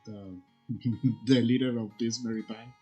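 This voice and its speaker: Slow-talking, laughing male player. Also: mid-range voice, fairly even intonation, warm tone, husky, highs cut off, soft background music. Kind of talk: casual chat.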